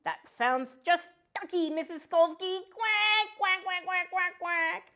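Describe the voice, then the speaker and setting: A woman's voice: very high-pitched, unhurried, pushed and bright, exaggerated voice. A woman voicing a joke-loving male mallard duck who tells puns and quacks between lines in a children's show. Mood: jokey. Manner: punny, bursts into quacking.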